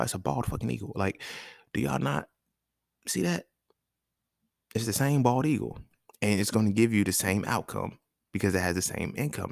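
Deep gravelly man ranting on a podcast. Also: dry recording, clean studio sound. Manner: blunt, profane, animated rants with rhetorical questions. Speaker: podcast host. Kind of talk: casual solo podcast monologue.

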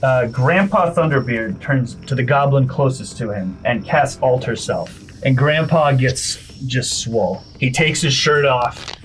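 A man's voice: medium pitch, lively intonation, measured pace, background noise. A man playing a tabletop game, joking and laughing between his moves. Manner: jokey, laughs often. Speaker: player.

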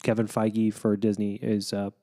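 Mellow-voiced man rambling about movies. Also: lowish voice, completely flat delivery, moderate pace. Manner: rambling, with many fillers. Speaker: podcast co-host. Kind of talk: casual chat.

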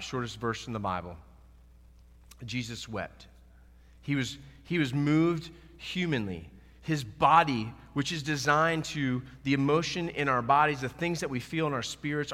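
A pastor preaches with earnest conviction and acts out scripture lines as he explains them. His voice is bright and forceful, in a middle register. It rings with the long reverb of a hall. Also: mid-range voice. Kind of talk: sermon.

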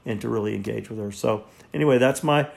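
Earnest gravelly older man counseling. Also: on the low side. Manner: earnest, halting, repeats words. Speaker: marriage counselor. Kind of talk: reflective teaching monologue.

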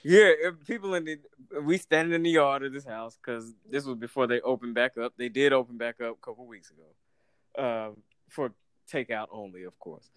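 A man's voice: mid-range voice, normal speed, smooth, no echo. A man, casually telling a story, acting out the people in it and laughing often. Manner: animated, acts out voices in anecdotes, laughs often.

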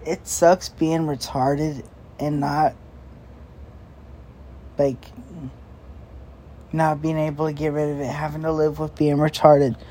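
A young man hosting a late-night podcast, talking in a slow, crude, meandering way full of fillers and swearing, breathing heavily after a big meal. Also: a little high, flat delivery, mellow, slight background noise. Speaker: podcast host. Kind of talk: rambling late-night casual chat. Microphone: podcast microphone.

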